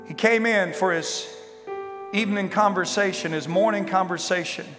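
A male pastor preaching a sermon to a congregation, building to impassioned shouting and repeated rhetorical questions. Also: high voice, normal speed, music in the background. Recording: live sermon in a reverberant hall with faint instrument.

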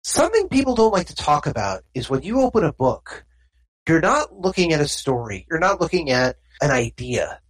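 A game master voicing a calm, nonchalant man who guards a book of memories and talks in a soothing, cryptic way. The voice sits higher than the game master's own. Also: moderate pace, breathy edge, low-quality recording.

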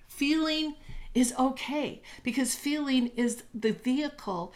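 A woman speaking as a spiritual coach in relaxed podcast conversation. Her voice sits a little high, and she tells stories with energy, acting out the voices in them. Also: takes it slowly. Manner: animated, acts out voices in stories. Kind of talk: casual podcast chat, storytelling.

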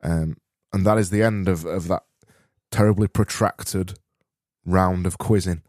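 A man with a South Yorkshire accent hosting a solo podcast, rambling and correcting himself with dry, deadpan humor. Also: low voice, unhurried. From Barnsley, South Yorkshire. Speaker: podcast host.

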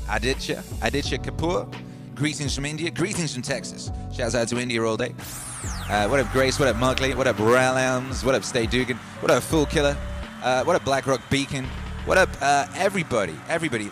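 A man hosting a casual livestream, reading out viewer comments, loose and playful, swinging between loud hype and hushed musing. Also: medium pitch. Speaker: livestream host.

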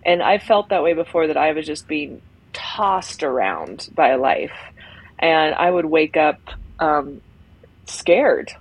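A woman's voice: low-pitched, animated, slow pace, husky, rough recording. A woman co-hosting a podcast, talking in a reflective, rambling way with many fillers in unscripted conversation. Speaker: podcast co-host.

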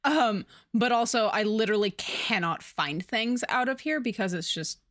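A woman's voice: fairly high pitch, moderate pace, a bit bright, dry recording, studio quality. A woman co-hosting a podcast, chatting casually about a romance novel in a candid, emphatic way and swearing freely. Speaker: podcast co-host. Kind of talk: casual book chat.

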